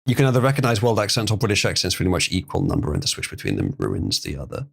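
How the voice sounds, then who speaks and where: A man's voice: lowish voice, huge pitch swings, very fast, vocal fry, slightly rough. Dry, teasing male streamer. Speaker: stream host. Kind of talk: casual livestream chat.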